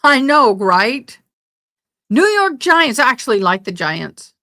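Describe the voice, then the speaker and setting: A woman's voice: fairly high pitch, sing-song, takes it slowly, bright, forceful tone. A woman hosting a casual livestream, chatting and reading out viewer comments. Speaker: livestream host covering a trial. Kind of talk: casual live chat.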